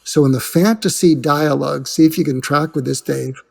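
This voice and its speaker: A man's voice: fairly high pitch, normal speed, creaky, a little mellow, husky, long reverb tail. A man who is a guest expert, explaining earnestly and acting out imagined conversations, often restarting his sentences. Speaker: guest, suicide prevention expert. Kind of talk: conversational explanation with acted-out dialogue.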